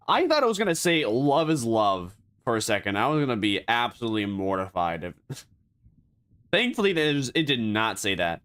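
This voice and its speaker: Lively, playful VTuber streamer. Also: mid-range voice. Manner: playful, jokey, quick asides. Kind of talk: reading game dialogue aloud with joking asides.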